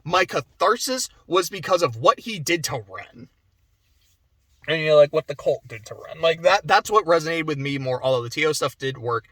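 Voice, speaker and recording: A young man giving a casual spoken game review, animated, swearing and going off on asides. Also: a little high, normal speed, no room sound. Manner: animated, swears, laughs often, trails off into asides.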